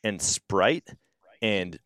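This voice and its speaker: A man's voice: deep voice, drawn-out words, no echo, clean studio sound. A young man from Wisconsin with an Upper Midwest accent, hosting a casual podcast chat and acting out the voices in his stories. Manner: animated storyteller, acts out quoted voices. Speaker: podcast host.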